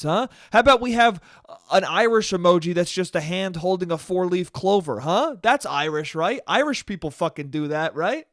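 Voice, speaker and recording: A young man hosting his own podcast, ranting in a profane, animated way. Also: high voice, no echo, clean studio sound. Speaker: podcast host. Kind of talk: solo comedic podcast rant.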